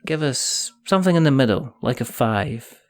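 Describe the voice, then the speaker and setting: A man's voice: medium pitch, expressive, normal speed. A Scottish man hosting a casual podcast chat, jokey, rambling and self-mocking. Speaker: podcast host.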